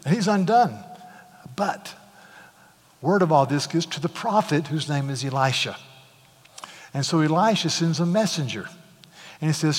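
A man preaching a sermon in a church, retelling a scripture story in an animated way with casual asides. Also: a little high, moderate pace, pauses often, slightly rough. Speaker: pastor. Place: church sanctuary. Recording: long hall reverb.

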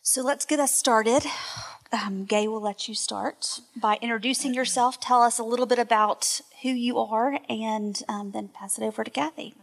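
A woman moderating a church panel, inviting speakers gently with hesitant ums. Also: on the high side, fairly even intonation, moderate pace, creaky, low-quality recording.

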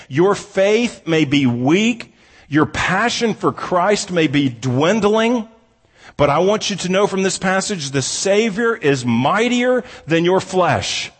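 A man preaching a sermon as pastor, earnest, slowing down for emphasis and then speeding up to argue. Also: fairly high pitch, husky. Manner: earnest preaching, pace swinging from slow emphatic to rapid. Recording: reverberant hall.

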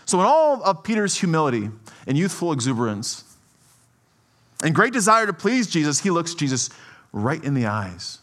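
Male pastor, bright and tense tone, animated conversational preaching. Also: fairly high pitch, normal speed. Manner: conversational, often asks "right?"; animated, swings between soft and emphatic. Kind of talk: sermon.

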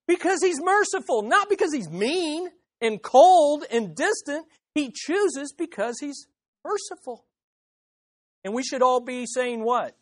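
A woman's voice: high voice, no room sound, studio quality. A woman preaching a sermon, putting rhetorical questions to the audience with emphasis.

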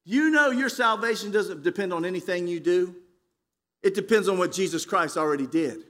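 A man preaches with a high, bright voice. He swings from loud, emphatic phrases down to hushed lows. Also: normal speed. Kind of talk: dramatic sermon.

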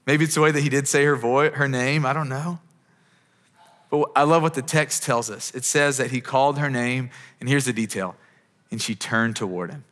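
In a church auditorium with long hall reverb, a pastor in his thirties preaches earnestly and conversationally, often restarting his sentences. His medium-pitched, slightly bright voice moves at a moderate pace with fairly even intonation.

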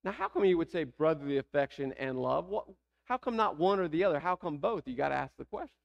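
A man's voice: a little high, animated, fast, creaky, highs cut off. A man with a Southern American accent preaching a sermon, asking the congregation rhetorical questions. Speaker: pastor.

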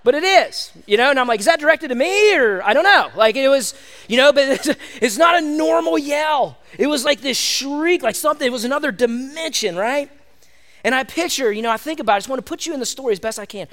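Pastor, male, high voice, chatty, animated sermon delivery. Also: brisk. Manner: conversational and animated, addresses listeners as "gang".

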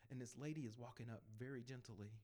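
A man on a panel sharing his evangelism experiences as a lively storytelling testimony, laughing between anecdotes and acting out bits of dialogue. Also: medium pitch. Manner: acts out dialogue in quick asides.

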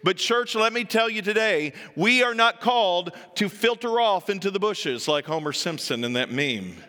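A man preaching a sermon to his church, telling a story with animated acted-out voices and building to emphatic peaks. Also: sits high, normal speed, in a large hall. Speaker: pastor.

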